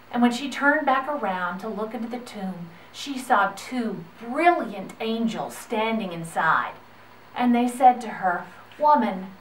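A woman with a fairly high voice tells a Bible story to children, gentle and expressive. She sounds set back from the mic in an echoey room, with faint noise behind her. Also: far from the mic.

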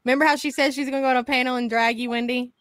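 A wisecracking woman teases others in a casual livestream chat. Her voice is slightly high and recorded dry and close. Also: steady tone, rapid-fire, fairly bright tone, dry recording. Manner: wisecracking, teasing.

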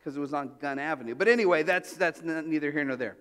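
A high-voiced male pastor preaches a sermon in a loose, conversational storytelling manner. He often restarts and drifts into asides. His voice carries with a long reverb through a church sanctuary. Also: fast talker, fairly bright tone, smooth.

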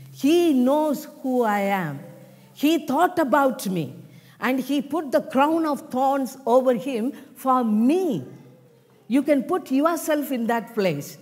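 A woman preaching a sermon in short, deliberate phrases full of rhetorical questions. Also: on the high side, a little mellow. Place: church. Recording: long reverb of a church hall.

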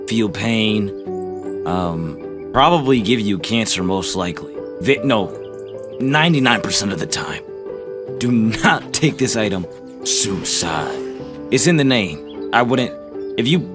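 A man playing a spokesman in a parody ad, giving deadpan, repetitive warnings in a comedy sketch. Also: lowish voice.

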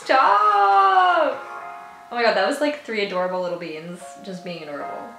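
A woman's voice: fairly low pitch, rapid-fire. A woman reacting to a music video, gushing, giggling and talking to herself. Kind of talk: excitable reaction commentary. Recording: echoey room with music playing. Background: music video playing.

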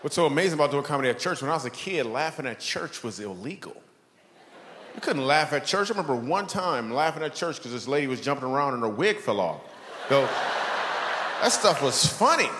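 A man performing a stand-up comedy set, telling animated stories and acting out characters. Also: mid-range voice, fast. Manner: animated storytelling, acts out characters. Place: church hall with a live audience. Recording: long hall reverb, audience noise.

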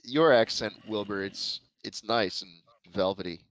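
A man with a New York accent chatting casually while gaming, brash, profane and full of deadpan teasing. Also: on the low side, unhurried, poor audio. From United States. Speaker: streamer.

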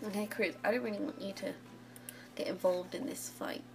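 A woman's voice: mid-range voice, fairly even intonation, brisk, gravelly. Chatty woman narrating a game. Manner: chatty, giggly, cheering on the game. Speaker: gaming channel host. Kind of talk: casual let's play commentary. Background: game music.

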